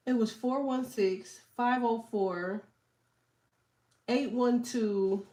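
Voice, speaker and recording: A woman's voice: a little high, drawn-out words, warm tone. A woman in her thirties with allergies, chatting casually and animatedly as a livestream host, joking, swearing and laughing often.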